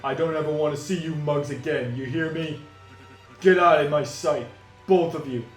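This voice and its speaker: A man voicing a stern middle-aged male Pianta mafia boss in a gruff, commanding, theatrical way. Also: on the high side, normal speed, lightly acted. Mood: angry. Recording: echoey room, music behind.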